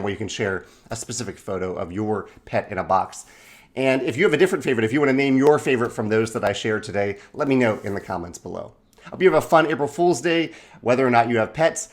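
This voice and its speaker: A man casually talking to camera in a video, speaking fondly with frequent fillers and restarts. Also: on the low side. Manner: halting, many restarts and fillers, affectionate. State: briefly emotional, voice catching. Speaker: board game publisher vlogging. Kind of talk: casual unscripted video talk.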